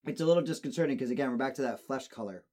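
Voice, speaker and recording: A man's voice: mid-range voice, very fast, a little mellow. A man in casual chat, playful and teasing while tasting candy.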